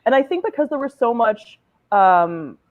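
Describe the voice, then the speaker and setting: A woman's voice: fairly high pitch, animated, normal speed, phone-quality sound. A woman chatting casually in a book club discussion, talking loosely with many fillers and laughs. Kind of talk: casual chat.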